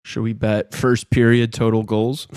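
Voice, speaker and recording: A man's voice: lowish voice, a little slow, clean tone, no echo, clean studio sound. Casual man chatting over a hockey game. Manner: loose banter with sudden excited outbursts. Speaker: podcast co-host. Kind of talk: casual live game-watch chat.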